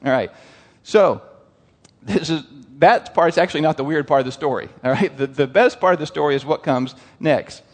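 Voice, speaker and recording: A man preaching a sermon in an animated way, asking the congregation questions. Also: a little high, normal speed, big-room sound. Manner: animated, asks the crowd questions, lively quoted voices.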